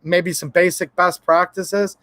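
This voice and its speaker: A man's voice: sits high, little pitch movement, unhurried, a bit bright, no room sound. A man hosting a casual livestream, rambling and joking as he chats with viewers and reads out their names. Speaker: gun channel livestream host.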